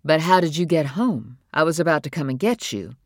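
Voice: medium pitch, lively intonation, brisk, dry recording, studio quality. A narrator voicing a tired, worried mother who speaks sharply and with strained patience in an audiobook. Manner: sharp and exasperated. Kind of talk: audiobook character voice.

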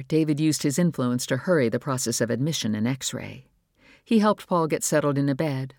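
A man reading a novel aloud in a measured, even storytelling voice. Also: fairly high pitch, no room sound, clean studio sound. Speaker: audiobook narrator. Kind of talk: scripted narration.

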